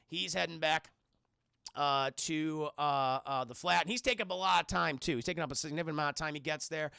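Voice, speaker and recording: A man talks through a film scene by scene for his live stream chat, cursing freely and rambling as he goes. His voice sits high and carries a heavy crackly fry. The tone is sharp and bright, recorded close and dry with no room sound. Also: brisk, no echo. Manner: profane, rambling, keeps addressing the chat. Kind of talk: casual scene-by-scene film recap.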